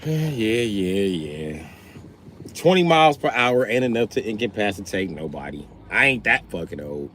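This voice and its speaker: A man's voice: fairly low pitch, moderate pace, a little hiss or hum. A man live streaming, telling stories in a casual, boastful way, full of swearing. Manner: profane, animated, boastful.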